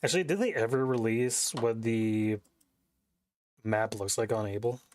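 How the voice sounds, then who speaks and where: A man's voice: fairly low pitch, unhurried, no room sound. A young man chatting casually as a game streamer, rambling, cursing and interrupting himself. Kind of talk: casual chat while streaming. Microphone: desk mic.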